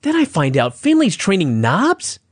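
Male co-host, exasperated profane ranter, high voice that leaps all over, dry close sound. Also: wildly swooping pitch, normal speed, breathy edge, dry recording. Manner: exasperated, profane, ranting with sudden high outbursts. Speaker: podcast co-host. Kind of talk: casual chat, ranting.

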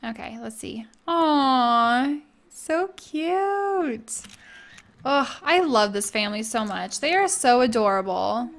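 A woman's voice: on the high side, expressive, unhurried, hardly any pauses, a bit bright. A young woman giving casual, bubbly let's-play commentary, gushing and chatting with her viewers and characters. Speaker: gaming YouTuber.

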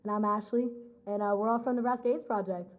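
A woman with a hoarse, worn voice, chatting casually on stage as she introduces her team at a live poetry event. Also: medium pitch, steady tone, fast talker, heavy background noise. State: hoarse, lost voice. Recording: live crowd behind. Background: audience.

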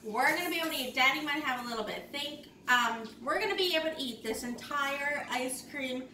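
A woman, a mother hosting a casual family vlog, laughing and giving the kids quick instructions. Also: high voice, lively intonation, sharp tone. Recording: echoey noisy room, mic far off.

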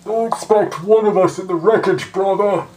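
A man's voice: sits high, fairly even intonation, normal speed, a little mellow, far from the mic, a little hiss or hum, voice pushed up, close to an everyday voice. A tipsy man voicing a grim, masked male movie villain with a muffled, strained voice.

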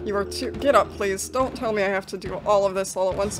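With game music playing underneath, a gaming video host narrates her horror playthrough at a fairly quick clip. She's a young woman with a mid-range voice, panicky and jittery, often dissolving into nervous giggles.

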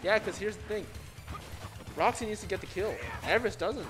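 A young man co-commentating a live video game tournament with quick, joking banter. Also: high voice. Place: gaming tournament at a sports center. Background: music.

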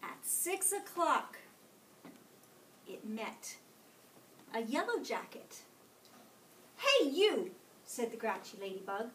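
A woman reading a picture book aloud to a kindergarten class, slowly and expressively, often checking in with the children. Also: fairly high pitch, a little hiss or hum. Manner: slow and expressive, asking the children questions. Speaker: storyteller. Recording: echoey classroom from far off.

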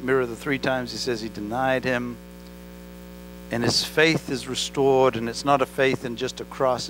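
A man's voice: mid-range voice, bright, forceful tone, rough recording. A male pastor preaching an earnest sermon, telling a story with rising and falling emphasis. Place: church. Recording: church recording with electrical hum.

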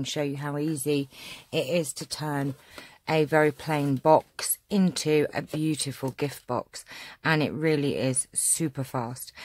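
A woman from England hosting a casual craft tutorial, chatty and homely, slightly hoarse and often clearing her throat. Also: low-pitched, darkish tone, dry recording. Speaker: craft channel host.

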